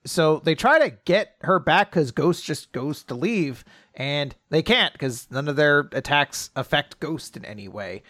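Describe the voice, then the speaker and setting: Fairly high-voiced man recapping casually. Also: lively intonation, a little slow, sharp tone, dry recording, clean studio sound. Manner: rambling, full of fillers and laughs. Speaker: podcast co-host.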